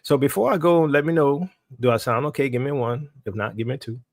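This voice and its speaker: A man's voice: medium pitch, fairly quick, dry recording, clean studio sound. A man hosting a ministry livestream in a chatty, casual way, checking in with his viewers and often repeating himself.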